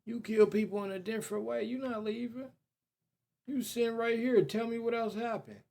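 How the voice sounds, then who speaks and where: A man's voice: very high voice, steady tone, normal speed, gravelly, warm tone. A young man reacting to a true crime video, swearing, mocking and talking back at the screen. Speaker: reaction streamer. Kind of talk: loud profane reaction commentary.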